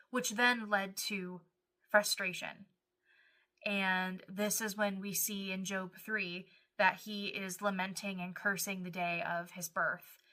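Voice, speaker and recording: Bright-voiced woman giving earnest Bible teaching. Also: medium pitch. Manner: earnest, acts out prayers and scripture voices. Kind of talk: devotional teaching talk.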